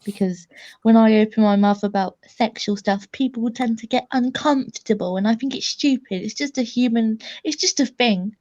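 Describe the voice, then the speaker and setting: A woman's voice: fairly high pitch, moderate pace, a little mellow, highs cut off. A woman chatting casually as a guest, blunt and joking, often giggling. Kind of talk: casual chat.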